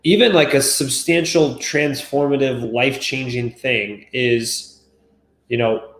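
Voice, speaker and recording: A man's voice: medium pitch, takes it slowly, a bit bright. Roomy-sounding man in his thirties. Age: 30s. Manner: thoughtful, leans on "right?" and "like". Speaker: nutrition expert co-host. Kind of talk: casual video-call chat. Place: home office.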